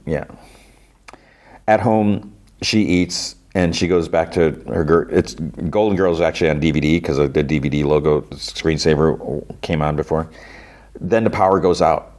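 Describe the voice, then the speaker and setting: Low-voiced man rambling through a recap. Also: normal speed, a little mellow. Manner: rambling, full of fillers. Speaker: podcast host. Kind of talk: casual episode recap.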